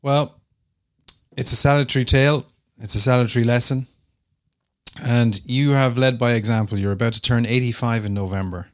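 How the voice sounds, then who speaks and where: A man's voice: medium pitch, fairly even intonation, normal speed. A man hosting a radio interview, effusive and chatty. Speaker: radio host.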